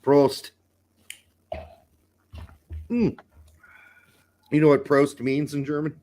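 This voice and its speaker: A man's voice: a little high, level tone, drawn-out words, a little mellow. A middle-aged man co-hosting a casual podcast, riffing in joking, profane banter. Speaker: podcast co-host. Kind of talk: casual chat.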